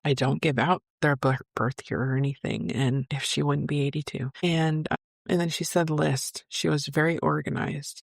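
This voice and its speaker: A woman's voice: sits low, normal speed, vocal fry, dry recording, studio quality. A middle-aged woman, a psychic medium, telling a personal story in a chatty, emotional way. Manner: emotional, chatty, lively retelling with quoted voices.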